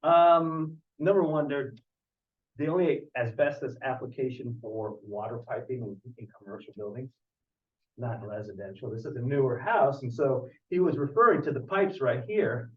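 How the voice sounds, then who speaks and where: A man, a home inspector, giving a casual talk to an audience and telling stories with animated asides. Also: mid-range voice, moderate pace. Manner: storytelling, animated, acts out callers. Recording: roomy, distant, dull audio.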